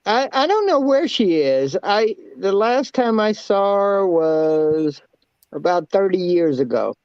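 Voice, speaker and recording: A man on a chat panel, answering in a halting way. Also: high voice, big pitch swings, a little mellow, smooth, dry recording, highs cut off. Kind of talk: casual group chat.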